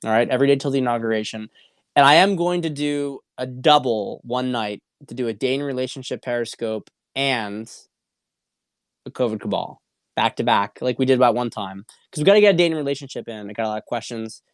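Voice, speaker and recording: Man, livestream host, casual commentary, blunt, profane, repeats himself, middle pitch, dry close sound. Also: a little fast, clear, resonant tone, dry recording. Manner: blunt and profane, with frequent repetition and restarts. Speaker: show host. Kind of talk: casual livestream commentary answering viewer questions.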